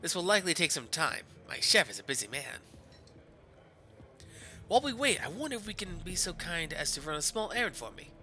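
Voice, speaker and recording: A man voicing a sly, polite Turkish shopkeeper who talks in a formal, smooth, mock-courteous way. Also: a little high, very animated, fairly quick, bright, forceful tone, a little hiss or hum, heavily acted, poor audio.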